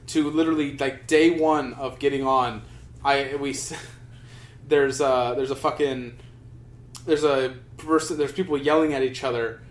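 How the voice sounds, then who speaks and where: A young man co-hosting a podcast, telling a rambling story in casual chat, full of restarts and swearing. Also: mid-range voice. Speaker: podcast co-host. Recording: roomy echo.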